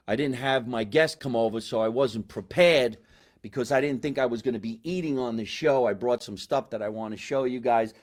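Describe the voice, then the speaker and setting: A man hosting a live comedy show from a basement, a loud, hammy showman who swings between big excitement and asides. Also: mid-range voice. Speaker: podcast host.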